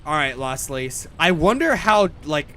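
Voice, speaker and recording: A man's voice: fairly high pitch, very animated, a little slow, sharp tone, a little hiss or hum. A young man streaming a game, rambling casually with lots of swearing, restarts and "bro". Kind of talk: casual gameplay commentary.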